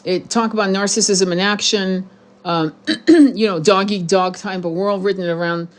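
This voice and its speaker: A woman's voice: mid-range voice, normal speed. A woman hosting her spiritual channel, talking bluntly and heatedly to her viewers in a profane, rambling monologue with many restarts. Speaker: tarot channel host.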